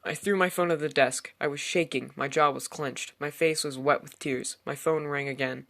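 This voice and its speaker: A man's voice: a little high, fairly even intonation, normal speed, creaky, fairly bright tone. A man reading a first-person horror story aloud in a tense storytelling manner. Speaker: narrator. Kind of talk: scripted horror story narration.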